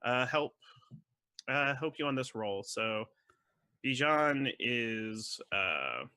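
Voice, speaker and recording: A man's voice: mid-range voice, lively intonation, takes it slowly, pushed and bright, clear, resonant tone, no echo. A man narrating a tabletop game as game master, describing scenes and guiding the players through their rolls.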